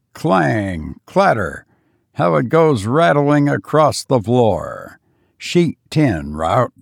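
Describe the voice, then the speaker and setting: A man's voice: mid-range voice, creaky, no echo, clean studio sound, exaggerated voice. A man voicing a brooding, menacing ironworks master in a storybook reading, talking on and on with grim relish. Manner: loquacious, showing off with grim relish.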